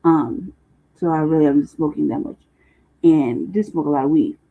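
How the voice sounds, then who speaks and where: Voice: mid-range voice, moderate pace, vocal fry. A livestream host in casual, rambling talk, profane and loose with slang, often laughing. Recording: muffled phone-like livestream audio.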